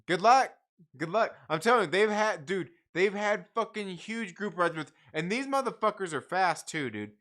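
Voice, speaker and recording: Profane, animated livestream host, man. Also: high-pitched, moderate pace. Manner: profane, rambling, laughs often. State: tired. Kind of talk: casual live chat reading viewer comments.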